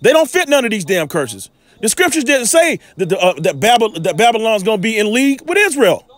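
A man's voice: high voice, sing-song, fairly quick, no echo. A man giving informal scripture teaching, reading verses aloud and breaking in with emphatic rhetorical questions. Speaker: Bible teacher.

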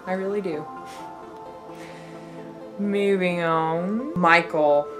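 A woman's voice: fairly low pitch, very slow, over music. A young woman vlogger chatting casually to camera, effusive and rambling, with lots of fillers and restarts. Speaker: vlogger answering viewer questions.

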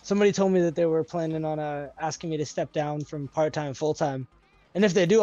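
A streamer from Massachusetts with a Worcester accent, rambling in casual gaming chat with lots of filler words. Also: male voice, a little high, quick pace, dark tone, no room sound. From Massachusetts, USA. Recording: dull lo-fi mic with game music.

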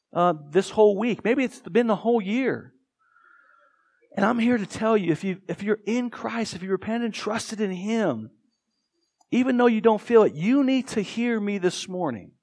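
A man with an American accent preaching a sermon as pastor, earnest and emphatic. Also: high-pitched. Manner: earnest, emphatic, with dramatic quoted voices.

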